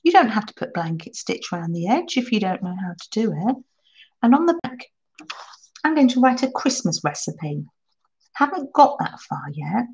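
A woman hosting a live crafting stream, chatting warmly with viewers and answering their comments as she works. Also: medium pitch, very animated, moderate pace, dull audio. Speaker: crafting channel host.

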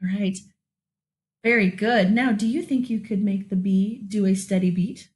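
A woman teaching a children's music lesson, upbeat and praising as she gently gives instructions. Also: mid-range voice, fairly even intonation, moderate pace.

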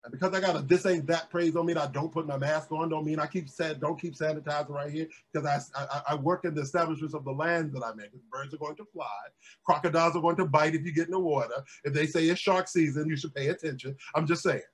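Husky high-voiced preacher man. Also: quick pace, rough recording. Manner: call-and-response preaching, rising to shouts. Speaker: pastor. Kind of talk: sermon. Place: closed room with its windows blacked out for filming.

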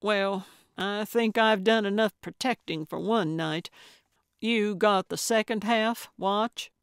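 A woman's voice: medium pitch, slow, clear, resonant tone, dry recording, studio quality. A woman voicing a stubborn, feisty older woman sleuth who talks emphatically and over-enunciates. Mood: gruff.

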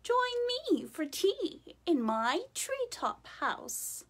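A woman voicing an excitable owl with a high, fluttery, hooting manner. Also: drawn-out words, heavily acted.

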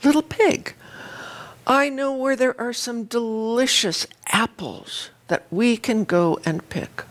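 A woman's voice: on the high side, slow pace. A woman voicing a scheming male wolf from a fairy tale, coaxing and falsely friendly.

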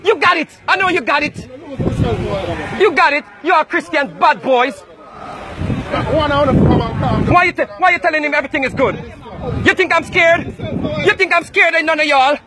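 A man from Jamaica, loudly accusing and taunting people in a heated street confrontation. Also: very high voice, moderate pace, long pauses. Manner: loud, accusing, repetitive taunting. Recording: noisy crowd around, outdoors.

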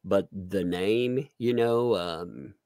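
A man's voice: sits low, extremely slow, dry recording, clean studio sound. A man with a Southern US accent hosting a live stream, chatting casually and laughing often. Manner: laughs often, animated jokey delivery.

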